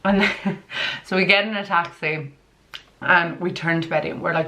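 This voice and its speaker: A young woman chatting through a storytime vlog from her bedroom, animated and full of "like" and laughter. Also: lowish voice, normal speed, pauses often. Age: young adult. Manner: chatty and animated, heavy use of "like", frequent laughs. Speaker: vlogger.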